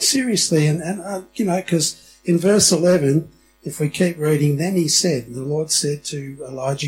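A man's voice: fairly high pitch, a little mellow, low-quality recording. A middle-aged man preaching a sermon in a church, chatty and often asking the congregation questions. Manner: conversational, asks the congregation questions. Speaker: pastor.

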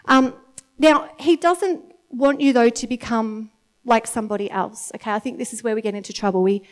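A woman's voice: on the high side, moderate pace. A woman and mother giving a conversational sermon, telling stories and often checking in with her listeners by asking if they follow. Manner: chatty, storytelling, keeps checking in with the audience by asking "okay?". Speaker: church speaker and mother of several.

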